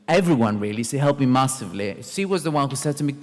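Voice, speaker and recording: A man from Wales introducing the main speaker at a convention, casually and haltingly with many fillers. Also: mid-range voice, animated, faint music behind. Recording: long reverb of a large hall.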